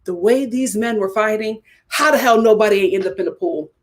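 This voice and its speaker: A woman hosting a reality TV review, recapping episodes in animated casual commentary. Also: mid-range voice, a little fast. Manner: animated storytelling with acted quotes and laughter.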